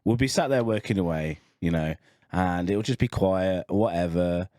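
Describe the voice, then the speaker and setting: A man's voice: sits low, moderate pace, dry recording, clean studio sound. A man co-hosting a podcast, telling a story with lots of laughter and swearing. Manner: animated, laughs often, swears. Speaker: podcast co-host. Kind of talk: casual storytelling chat.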